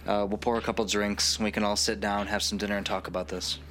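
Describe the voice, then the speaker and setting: A man voicing a hospitable woman innkeeper in a tabletop game, speaking slowly and invitingly. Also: fairly low pitch, flat delivery, a bit bright, a little hiss or hum, lightly acted. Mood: welcoming.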